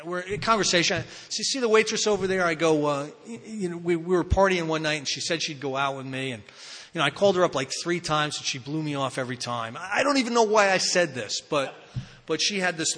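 A man's voice: fairly high pitch, fairly quick, sharp tone. A man telling his recovery story to a live audience in a rambling, self-mocking way, full of fillers and restarts. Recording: reverberant hall.

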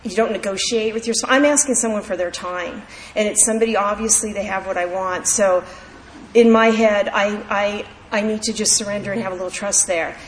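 A woman's voice: mid-range voice, steady tone, fairly quick. Woman telling her story in an echoey hall. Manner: candid, heartfelt storytelling. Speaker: speaker sharing at a recovery meeting. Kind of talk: personal recovery story. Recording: echoey hall with faint background noise.

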